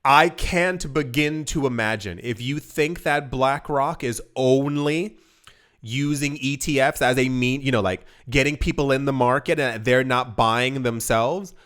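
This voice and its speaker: Emphatic man talking fast to camera. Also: medium pitch, a bit bright. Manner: emphatic, repeats words and stumbles, acts out quoted voices. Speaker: crypto video host. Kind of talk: casual direct-to-camera commentary.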